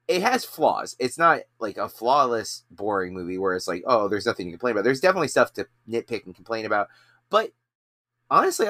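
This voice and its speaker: Male podcast co-host, mid-pitched, rambling casual delivery, dry booth sound. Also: fairly bright tone, no echo. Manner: rambling, many fillers and restarts.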